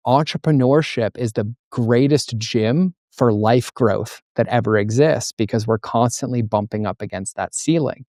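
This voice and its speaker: Animated storytelling man, dry sound. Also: mid-range voice, normal speed, hardly any pauses, no room sound. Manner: animated storyteller acting out dialogue. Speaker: guest, entrepreneur and coach. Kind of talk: conversational interview.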